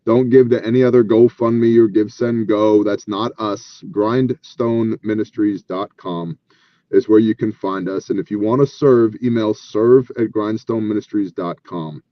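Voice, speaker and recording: A man's voice: lowish voice, fairly even intonation, measured pace, muffled recording. A man who leads a relief ministry, telling stories earnestly and with animation as an interview guest, acting out the dialogue.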